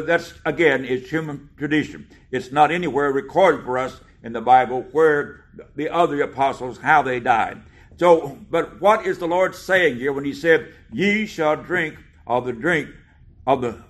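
A man preaching a sermon, reading scripture aloud slowly and with emphasis, with some hesitant fillers. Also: fairly high pitch, a bit bright.

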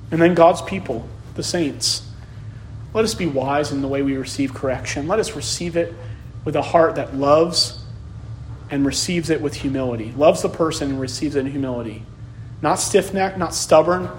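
A man's voice: on the high side, slight background noise. A man preaching a sermon as pastor, repeating key phrases as his delivery builds in intensity.

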